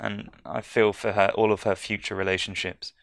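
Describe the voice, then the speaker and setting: A man's voice: fairly low pitch, little pitch movement, moderate pace, vocal fry, no echo. A man co-hosting a casual podcast, throwing in wisecracks and puns. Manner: wisecracking, pun-making. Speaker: podcast co-host. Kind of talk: casual chat.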